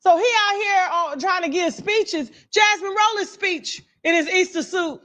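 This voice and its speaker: A woman with a high voice giving casual reaction commentary. She talks in a loud, animated, mocking way and hammers her points home by repeating them. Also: unhurried. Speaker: commentary host.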